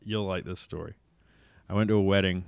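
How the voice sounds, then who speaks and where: A man's voice: low voice, steady tone, brisk, gravelly, clear, resonant tone, no echo. A young man co-hosting a podcast, rambling through stories in casual chat with restarts and chuckles. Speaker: podcast co-host.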